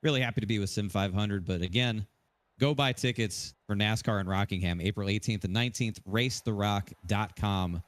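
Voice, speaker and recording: A man who won a sim race, upbeat and rattling off shout-outs in a casual post-race interview on a headset mic. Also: on the low side, moderate pace, dry recording. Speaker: winning sim racing driver.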